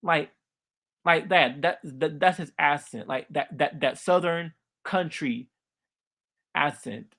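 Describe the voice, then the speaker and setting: A young man giving casual cartoon commentary, halting and heavily repetitive as he talks. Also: a little high, creaky, a bit bright. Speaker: video commentator.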